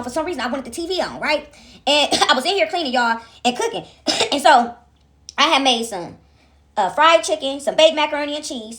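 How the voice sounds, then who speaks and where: A woman's voice: sits high, a bit bright. A woman vlogging from home, telling a rambling story to her viewers in a casual, chatty way. She calls out to them often, asks "right?" again and again, and laughs as she goes. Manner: chatty, addresses viewers as "y'all", frequent "right?".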